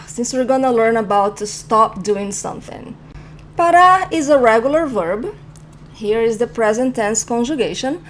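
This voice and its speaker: A woman's voice: a little high, a little hiss or hum. Woman teaching a language lesson. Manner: clear, patient explaining, repeats example phrases slowly.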